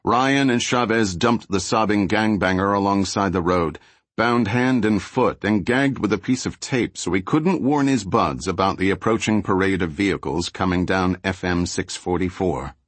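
A man narrating an audiobook thriller in a steady, even storytelling voice. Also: low voice, moderate pace, dry recording. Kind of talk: scripted narration.

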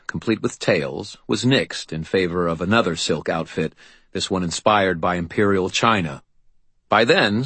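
Deep husky man narrating an audiobook. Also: a bit bright, no room sound. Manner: dry, wry storytelling. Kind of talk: first-person audiobook narration.

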